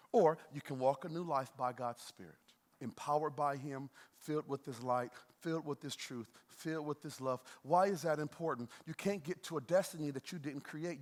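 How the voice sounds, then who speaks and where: A man preaches a sermon with a fairly high voice, loose and conversational, joking with his congregation between points. His voice rings out with a long reverb in a large church auditorium. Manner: lively, conversational preaching with playful asides to the crowd. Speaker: pastor.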